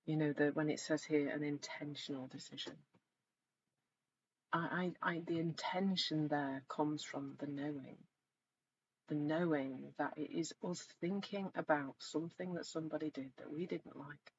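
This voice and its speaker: A woman's voice: sits low, normal speed. Reflective middle-aged woman on a lo-fi call. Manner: reflective, gentle, animated when retelling stories. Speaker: coach. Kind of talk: live online session talk. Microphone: video call. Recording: slightly dull lo-fi sound with faint noise.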